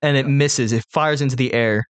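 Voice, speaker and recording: A man's voice: medium pitch, steady tone, moderate pace, smooth. A man narrating as game master of a tabletop game, talking casually and loosely with lots of fillers.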